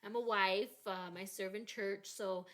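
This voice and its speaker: A woman hosting a faith-focused podcast, telling a personal story in an animated, emotional way during a casual chat. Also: mid-range voice, unhurried. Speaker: podcast host.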